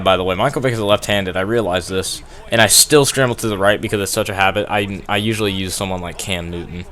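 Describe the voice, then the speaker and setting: A young man talks over his football game replay in a loose, rambling way. His voice is bright and a little low, and he laughs at his own mistakes and flares up when plays go wrong. It sounds like a gaming headset at home. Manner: rambling, self-deprecating, laughs often, gets worked up. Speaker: gaming commentator. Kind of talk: casual gameplay commentary. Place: at home playing on a TV.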